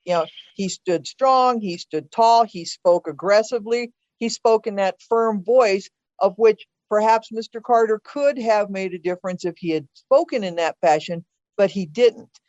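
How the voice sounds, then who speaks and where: An older woman, the host's mother, appears as a podcast guest in a casual political conversation, talking earnestly and opinionatedly about past elections and often restarting sentences. Her voice is mid-range and darkish at normal speed, and the recording is dull and dry.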